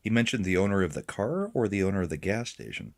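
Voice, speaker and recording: A man trading dry, deadpan quips in casual podcast banter. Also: fairly low pitch, quick pace, no echo.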